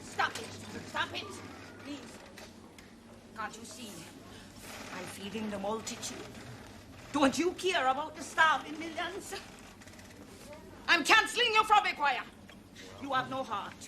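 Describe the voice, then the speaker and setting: A theatrical hymn-singing eccentric. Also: female voice, high-pitched, lively intonation, measured pace, pauses often, background noise. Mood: indignant. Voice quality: singsong, theatrical. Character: eccentric older woman singing hymns, defiant. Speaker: supermarket troublemaker. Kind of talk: 1980s television police drama.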